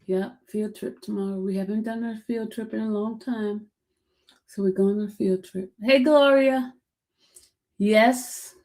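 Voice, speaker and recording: A woman's voice: medium pitch, steady tone, measured pace, darkish tone. A woman hosting a casual livestream chat, talking straight to her viewers, calling them by name and repeating herself as she goes. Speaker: livestream host. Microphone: streaming setup.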